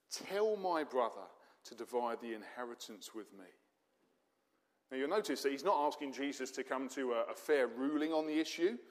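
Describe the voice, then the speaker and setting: A man preaching in a warm, conversational manner, tossing in rhetorical questions and wry asides. His voice sits at a middling pitch and carries a long reverb, as if he is in a large hall. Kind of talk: sermon.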